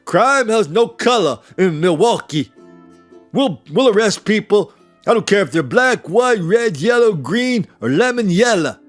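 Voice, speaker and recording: A man's voice: high voice, big pitch swings, a little slow, soft background music, pitched above the performer's own voice, exaggerated voice. A man voicing an indignant male police chief in a mocking, overblown way.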